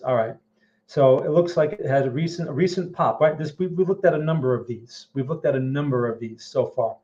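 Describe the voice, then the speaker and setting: A man's voice: mid-range voice, dark tone, muffled recording. A man hosting a live-stream chart analysis, blunt and emphatic, often asking "okay?". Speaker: trading analyst host.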